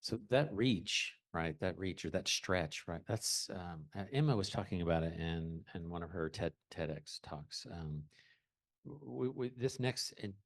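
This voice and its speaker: A man's voice: deep voice, lively intonation. A man moderating a panel, stopping and restarting often as he hands over to guests. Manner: halting, many fillers and restarts.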